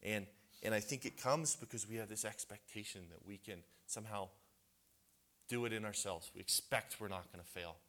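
A man's voice: on the low side, moderate pace, fairly bright tone. A man giving a conversational sermon at a men's retreat, earnest and casual, often restarting his sentences.

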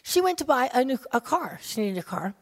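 A woman preaching a sermon, telling stories animatedly and acting out the people in them, swinging between loud excitement and quiet intensity. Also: high-pitched, a little fast. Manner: acts out quoted people in her stories.

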